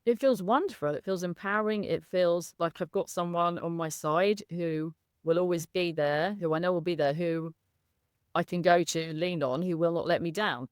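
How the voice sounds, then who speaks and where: A woman's voice: lowish voice, moderate pace, clear, resonant tone, dry recording, clean studio sound. A woman speaking as a guest in a candid interview, effusive and emotional, laughing often. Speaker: coaching client, guest.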